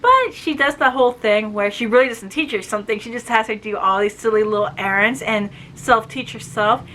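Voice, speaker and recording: Bright-voiced chatty woman retelling a story. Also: a little high, a little hiss or hum. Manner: chatty, acts out quoted lines with quick voice shifts. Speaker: book reviewer.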